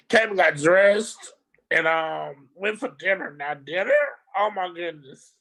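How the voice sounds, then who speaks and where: With a mid-range voice and a slightly unhurried pace, this speaker on a video call rambles through a lively story, swearing and slipping into slang as they chat casually.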